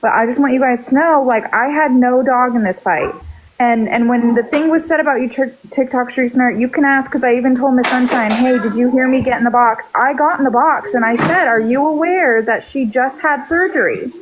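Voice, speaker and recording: High-voiced earnest woman on a livestream. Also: noisy background. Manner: earnest, halting, repeats herself. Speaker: former chat moderator. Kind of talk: heated casual chat on a group livestream.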